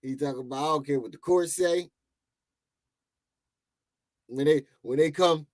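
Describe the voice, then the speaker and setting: A man's voice: on the high side, measured pace, pauses often, darkish tone, slight background noise. A man giving mocking, laughing commentary as he reacts to a video clip.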